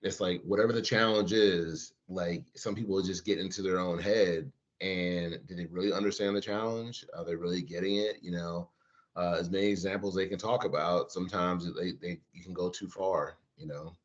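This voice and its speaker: A man with a very low voice talks shop as a guest chef on a podcast. He rambles and restarts his sentences and leans on fillers. The sound is dull and lo-fi. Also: fairly even intonation, normal speed. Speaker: guest chef, former competitor. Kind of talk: casual podcast chat.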